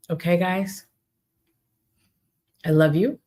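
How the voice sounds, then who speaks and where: Low, slow-spoken woman podcast host. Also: steady tone, a little mellow. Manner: earnest and pleading, with many repeated pleas. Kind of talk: heartfelt solo podcast talk.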